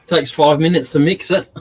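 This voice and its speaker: A man's voice: a little high, a little hiss or hum, rough recording. A man with an Australian accent, chatting casually and joking on a video call. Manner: joking, laughs often.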